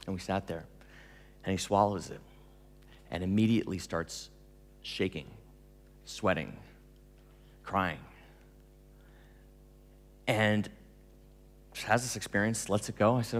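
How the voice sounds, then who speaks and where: A man giving a storytelling talk to an audience, animated, laughing often and acting out dialogue. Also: fairly low pitch, moderate pace, long pauses, in a large hall. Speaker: speaker telling stories to an audience.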